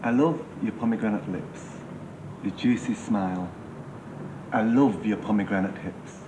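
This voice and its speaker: An actor playing an earnest young man reciting his own poem deliberately. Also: fairly low pitch, lightly acted. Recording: noisy film soundtrack.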